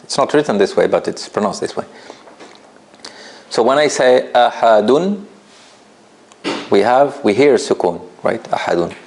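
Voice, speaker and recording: In a classroom lesson, a man with a lowish, gravelly voice runs a recitation class conversationally and at ease. He frequently asks "right?" to check understanding and puts questions straight to his students.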